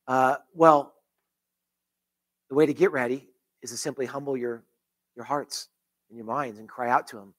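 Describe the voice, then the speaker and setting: A man's voice: mid-range voice, brisk, breathy edge. A man pastor leading a closing prayer in church, earnest, with repeated phrases and restarts. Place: church sanctuary.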